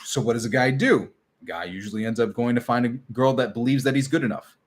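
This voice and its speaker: A man hosting a casual live stream as a relationship coach, talking emphatically and sometimes dropping to a soft, tender tone. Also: medium pitch, fast talker. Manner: animated and emphatic, drops to a soft tender tone when acting out a partner.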